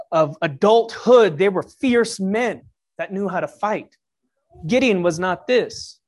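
A preacher giving a sermon in a conversational way, with jokey asides and sudden rises in pitch and loudness for emphasis.

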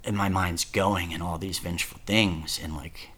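A man's voice: low voice, fairly even intonation, moderate pace, a bit bright, husky. A man casually telling his own story, swearing a lot, repeating himself and saying "dude" often. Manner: profane, rambling, repeats words and says "dude" often.

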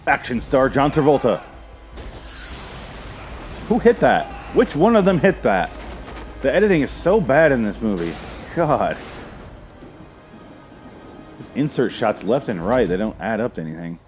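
A man's voice: mid-range voice, sing-song, a little slow, long pauses, faint music behind. Sarcastic, swearing movie commentator man. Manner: sarcastic, profane, rambling.

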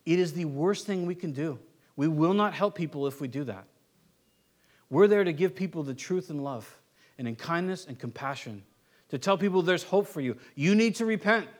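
A middle-aged man with a notably high voice preaches a sermon. He talks conversationally, doubling words as he restarts and tossing in "right?" to keep the congregation with him. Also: lively intonation, moderate pace. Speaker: pastor.

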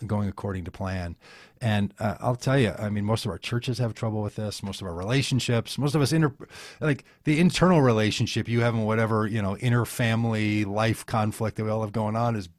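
A man's voice: lowish voice, a little mellow, no echo, clean studio sound. A man, a pastor and interview guest, talking in a rambling, folksy, self-interrupting way. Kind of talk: casual conversation.

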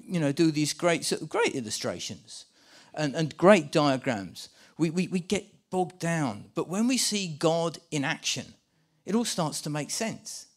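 Animated preacher, slightly high-voiced man. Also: measured pace. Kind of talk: sermon with live volunteer re-enactment. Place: church with a live congregation.

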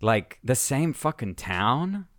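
A man in his thirties in casual conversation, relaxed and unhurried, swearing casually. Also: medium pitch, dry recording, studio quality. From immigrated as a refugee as a child. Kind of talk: casual chat.

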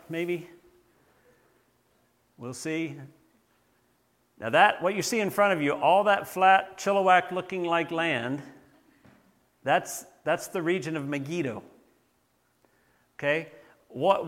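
A man's voice: on the high side, a bit bright. A man from the southern United States preaching a sermon, earnest and often restarting with repeated words. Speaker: pastor.

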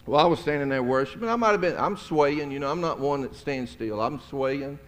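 Speaking briskly in a mid-range voice, this middle-aged man preaches as a pastor, weaving stories into his sermon in a folksy, conversational way and chuckling as he goes. He's in a church sanctuary, and the audio has a long hall reverb.

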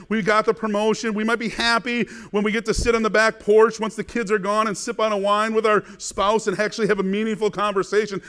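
A man's voice: high-pitched, fairly bright tone. A man preaching a sermon as pastor, earnest and emphatic, asking his congregation rhetorical questions.

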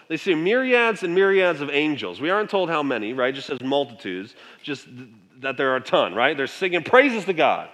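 High-voiced preacher in a reverberant hall. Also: male voice, a bit bright. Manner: conversational, asks the congregation frequent questions. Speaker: pastor. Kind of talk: sermon.

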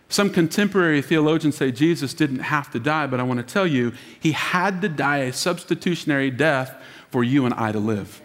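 Pastor guy preaching, pitch all over the place, lots of hall echo. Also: expressive, a little fast. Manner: dramatic preaching, drops to a hush for emphasis; acts out quoted voices. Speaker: lead pastor. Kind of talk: sermon. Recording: long reverb of a large hall.

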